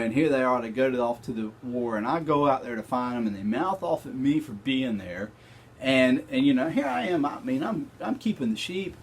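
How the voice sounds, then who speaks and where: A man's voice: medium pitch, a little hiss or hum, close to an everyday voice. A man playing a boastful young shepherd who swaggers through a battle tale in slangy, brash exclamations. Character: boastful young male shepherd bragging about his battle.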